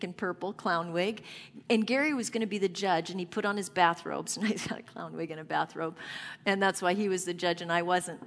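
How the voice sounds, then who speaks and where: A woman's voice: fairly low pitch, fairly bright tone. A middle-aged woman preacher telling a family story in an earnest, conversational sermon. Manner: earnest, conversational anecdote building to emotion. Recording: long hall reverb.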